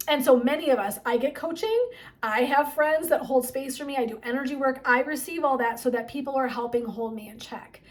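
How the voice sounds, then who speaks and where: A woman speaks as a wellness coach and therapist, giving a motivational talk straight to her viewers. Her voice sits a bit higher than most, and her delivery is chatty and emphatic. She leans on "like" and keeps checking in with "right?". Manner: chatty and emphatic, frequent 'like' and 'right?'.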